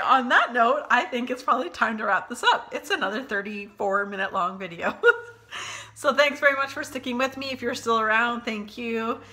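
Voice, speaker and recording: A woman's voice: medium pitch, background noise. A woman from Canada chatting casually to camera at home, reviewing wax melts in a rambling, chatty way. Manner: chatty, rambling, with fillers and quick asides.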